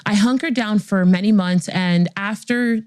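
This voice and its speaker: Female podcast host in her 40s, animated storyteller who acts out the voices, mellow tone, dry close sound. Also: medium pitch, measured pace, no echo. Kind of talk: storytelling monologue.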